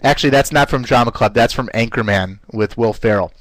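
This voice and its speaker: A man's voice: fairly quick, no echo, poor audio. Upbeat male webinar presenter, dry sound. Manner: upbeat, conversational, with frequent "uh" fillers; playfully shifts pitch to demonstrate voice technique. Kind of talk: live online class presentation.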